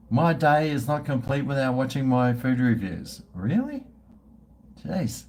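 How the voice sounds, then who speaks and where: A man's voice: medium pitch, very animated, takes it slowly, slight background noise. A man, chatting casually and profanely with his livestream viewers in a rambling way. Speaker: livestream host.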